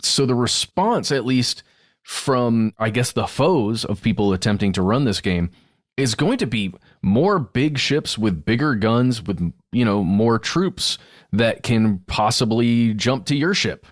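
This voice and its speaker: A man's voice: mid-range voice, expressive, measured pace, no room sound. A man with a mid-range voice talks through an idea on a podcast, hesitant and full of little restarts. The sound is dry and close to the mic. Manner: hesitant, thinks aloud with fillers. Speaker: podcast co-host. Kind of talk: casual podcast discussion.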